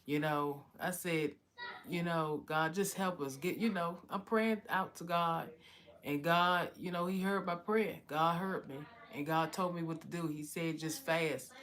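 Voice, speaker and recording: A woman's voice: fairly low pitch, fairly even intonation, unhurried, fairly bright tone. A woman giving a heartfelt personal testimony, often repeating "you know". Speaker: vlogger telling her story.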